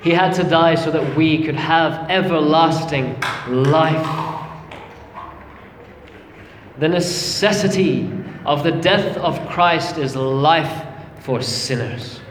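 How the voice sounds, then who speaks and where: A man's voice: on the high side, slow, long pauses, a little hiss or hum. A man preaching a sermon, earnest and emphatic, calling his listeners friends. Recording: echoey hall with long reverb, faint ambience.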